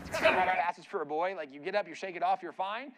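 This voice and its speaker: A man's voice: sits high, fast, a bit bright. A man speaking as a guest preacher in a church, telling a story in a casual, conversational way with frequent "like" and "right?" asides.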